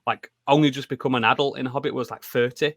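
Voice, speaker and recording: A man co-hosting a podcast in casual chat, animated, swearing and laughing often. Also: medium pitch, fast, no room sound, studio quality. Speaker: podcast co-host.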